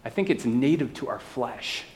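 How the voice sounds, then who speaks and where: A man's voice: medium pitch, animated, normal speed, a little mellow, a little hiss or hum. A man preaching a sermon to his church, talking conversationally and often checking in with the listeners. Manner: conversational preaching with asides and tag questions. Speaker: pastor.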